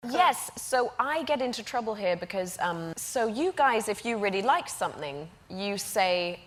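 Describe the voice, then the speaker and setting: A woman's voice: mid-range voice, very animated, a little slow, hardly any pauses, a bit bright. A middle-aged English woman telling chatty talk-show stories, laughing often as she goes. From England. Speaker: actress guest.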